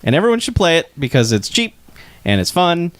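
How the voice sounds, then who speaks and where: A man's voice: a little high, very animated, brisk, fairly bright tone, no room sound. A man co-hosting a podcast, chatting casually and animatedly, swearing and laughing as he tells a story. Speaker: podcast co-host. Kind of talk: casual chat.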